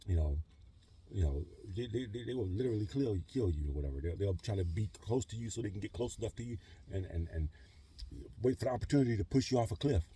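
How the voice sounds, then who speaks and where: Low, dark-voiced man rambling casually. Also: breathy edge. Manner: rambling, heavy on fillers like "you know" and "whatever". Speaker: vlogger living in a truck camper. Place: truck camper in a trailer park.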